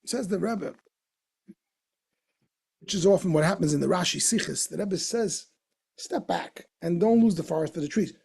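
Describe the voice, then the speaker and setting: A man's voice: sits high, moderate pace, creaky, long pauses, a little mellow, slightly rough. A man teaching a Torah lesson as a rabbi, explaining a passage with questions and repeated points for emphasis. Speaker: rabbi teaching a text class.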